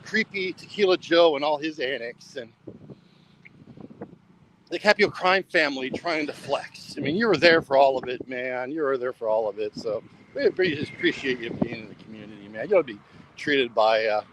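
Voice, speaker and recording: A man's voice: medium pitch, moderate pace, fairly bright tone, slight background noise, poor audio. A man rambling casually for a travel vlog while walking along a road at night, repeating himself and saying "bro" a lot. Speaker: travel vlogger.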